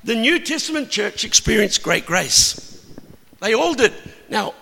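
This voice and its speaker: Man, sermon, bright, gravelly, reverberant hall. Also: high-pitched, a little slow. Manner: animated storytelling, rising to emphatic peaks. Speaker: preacher. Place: church hall.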